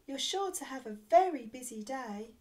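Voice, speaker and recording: Kind, bright young pixie girl, high and caring, voiced by a woman reading aloud. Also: lively intonation, normal speed.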